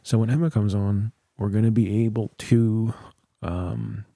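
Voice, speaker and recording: A man's voice: on the low side, steady tone, a little slow, creaky, warm tone, no room sound. A tired man hosting a livestream, rambling and thinking aloud into a close studio mic. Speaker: livestream host. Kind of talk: casual livestream chat. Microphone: close studio dynamic mic.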